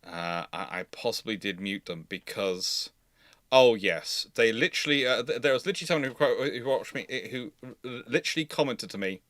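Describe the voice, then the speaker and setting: A man's voice: medium pitch, animated, moderate pace, a bit bright, no room sound, studio quality. A man hosting a live naval history Q&A stream, telling rambling anecdotes and acting out the quotes, on a video call mic. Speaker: host.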